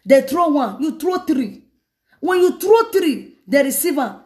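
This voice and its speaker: A woman evangelist, preaching in an animated way and breaking into laughter often. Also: high voice, measured pace. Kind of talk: sermon.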